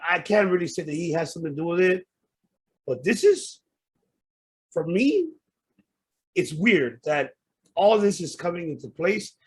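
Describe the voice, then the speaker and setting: A man with a slightly high, husky voice hosts a casual podcast and rants at length. He talks with heated frustration and swears freely as he works himself up. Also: expressive, a little slow, long pauses. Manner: heated, profane ranting. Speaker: podcast host.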